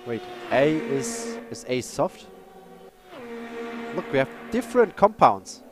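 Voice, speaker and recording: A man who speaks natively, chatting and commentating a live sim race, excitable and apologetic. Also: mid-range voice, slow pace, soft background music. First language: German.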